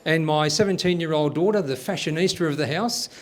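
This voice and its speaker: A man's voice: a little high, fairly quick. A man hosting a live comedy show, upbeat and thankful as he introduces segments. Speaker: host. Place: club venue with live audience.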